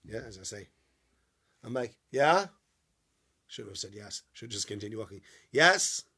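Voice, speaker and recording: Guy teaching a torah lesson, bright voice, tells stories and acts out the bits. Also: on the low side, brisk, husky. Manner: animated storyteller, acts out dialogue.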